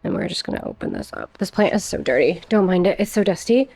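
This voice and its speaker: A woman's voice: fairly low pitch, expressive, quick pace, gravelly, husky, no room sound. A young woman chatting casually in a plant care vlog, a little out of breath and giggling now and then. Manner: chatty, giggly, talks softly to her plants. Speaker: plant vlogger.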